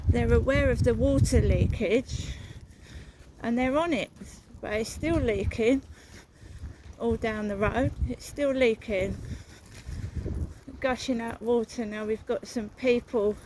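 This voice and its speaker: A woman's voice: fairly high pitch, takes it slowly, background noise. A woman narrating a walking vlog outdoors, talking in a rambling, repetitive, suspicious way. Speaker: vlogger. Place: outdoors, walking through a town.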